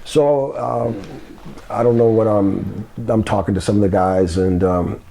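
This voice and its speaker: Gravelly older man rambling through a story. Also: slight background noise. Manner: halting, many ums and restarts, climbs higher when excited. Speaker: guest telling old wrestling stories.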